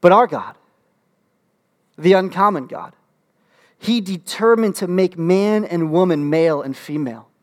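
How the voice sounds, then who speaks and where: A man preaching a sermon as pastor, animated and humorous, with frequent restarts and fillers. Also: high-pitched, measured pace, long pauses. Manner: animated, humorous asides with rising excitement.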